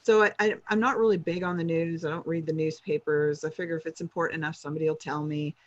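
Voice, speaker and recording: A woman guest telling a story in a casual chat, animated and laughing, with bits of acted dialogue. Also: deep voice, fast talker, no room sound, dull audio.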